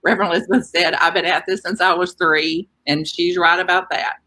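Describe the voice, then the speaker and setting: A middle-aged woman minister giving a conversational sermon, moving between gentle reflection and lively emphasis. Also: fairly low pitch, brisk, rough recording. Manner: conversational, warm-hearted preaching with lively emphasis.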